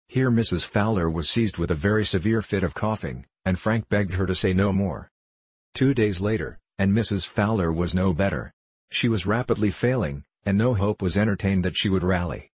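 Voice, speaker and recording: A man reading a classic novel aloud as steady, even narration. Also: sits low, moderate pace, breathy edge, dry recording. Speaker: audiobook reader.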